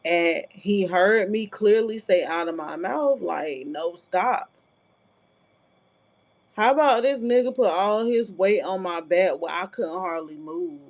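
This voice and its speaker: A woman's voice: fairly low pitch, a little slow, few pauses. A woman vlogger telling a personal story in a casual, blunt, profane way, with frequent filler asides. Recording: dull lo-fi sound.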